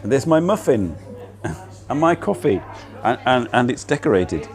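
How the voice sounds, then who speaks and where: A man's voice: mid-range voice, very animated, measured pace, crowd noise. A middle-aged man chatting casually on a livestream from a cafe, laughing often and poking fun at himself, recorded on a laptop mic. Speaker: livestream host.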